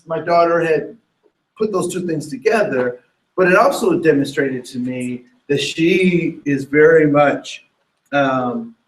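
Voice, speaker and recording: A man with a fairly high voice teaches a workshop, lively and animated, drawing the audience in with questions. He is picked up from across an echoing room. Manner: animated, asks the room questions, acts out quotes. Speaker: diversity trainer. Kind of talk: workshop lecture. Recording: echoey room, from a distance.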